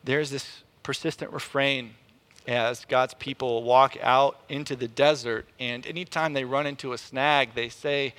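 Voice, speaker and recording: A man preaching a sermon in an animated way, often repeating words as he restarts a thought. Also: a little slow, smooth. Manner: animated, rises in pitch and volume to act out quotes.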